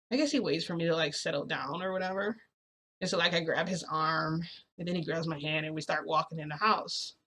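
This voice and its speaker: A woman vlogger casually telling her viewers a long personal story, chatty and full of fillers, getting excited as she goes. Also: on the low side. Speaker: vlogger recounting a reality shift.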